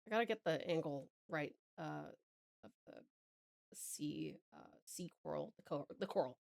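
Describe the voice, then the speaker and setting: An Australian woman from Tasmania chatting softly to viewers while she draws, affectionate and rambling with little chuckles. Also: low voice, animated, normal speed, gravelly. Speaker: streamer. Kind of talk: casual livestream chat while drawing.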